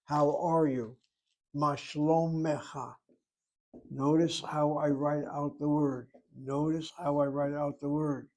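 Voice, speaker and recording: Man teaching Hebrew pronunciation slowly. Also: a little high, level tone, dark tone, rough recording. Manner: spells out pronunciation slowly, repeats words. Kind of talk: classroom grammar lesson.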